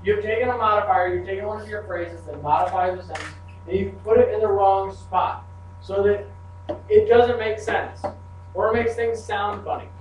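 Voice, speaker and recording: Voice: medium pitch, fairly even intonation, normal speed. A teacher leads a class through a grammar lesson and slips in playful, joking asides. The voice rings around a roomy classroom and is picked up from a distance. A faint hum sits underneath.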